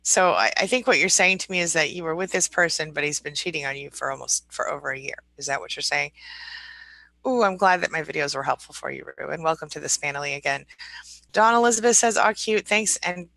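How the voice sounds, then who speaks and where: A woman's voice: low-pitched, brisk, creaky, bright, forceful tone, no echo. A woman hosting a live support stream, reading viewer comments aloud and answering them in a chatty, friendly way. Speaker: live support coach and host.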